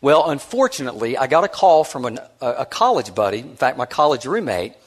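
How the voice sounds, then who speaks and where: Male keynote speaker, animated storyteller, chatty and self-mocking, acts out quotes. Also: medium pitch, a little fast. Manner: self-deprecating and conversational, with many restarts. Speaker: conference speaker.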